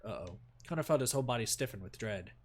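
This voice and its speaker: A man streaming a game, reading its narration aloud and reacting in a playful, animated way. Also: medium pitch, rapid-fire. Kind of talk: narrating and reacting to a visual novel.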